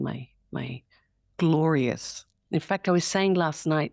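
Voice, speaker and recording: A woman's voice: low voice, fairly quick, vocal fry, dry recording, studio quality. A woman in her forties with an Australian accent, chatting as an interview guest, laughing often and acting out quotes. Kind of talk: casual interview chat.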